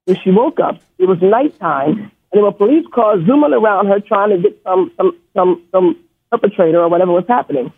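Brief: high, husky man phoning in from New York, stutters, rambles emotionally, tinny phone line. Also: fairly quick. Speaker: caller. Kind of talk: call-in storytelling.

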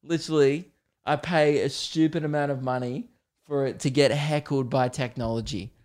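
A man's voice: medium pitch, steady tone, normal speed, darkish tone. A young man hosting a solo podcast, ranting with lots of swearing and bursts of laughter. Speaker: podcast host.

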